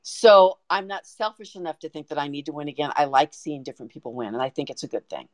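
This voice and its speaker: A woman guest on a podcast, telling a story in an excited, animated way with frequent restarts. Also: deep voice, fast talker, no echo. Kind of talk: casual storytelling.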